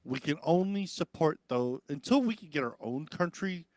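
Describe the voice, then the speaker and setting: A man's voice: on the high side, animated, moderate pace, a little mellow, dry recording. A man hosting a live-stream talk show, rambling casually and swearing, lifting his voice to mimic others. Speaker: podcast host.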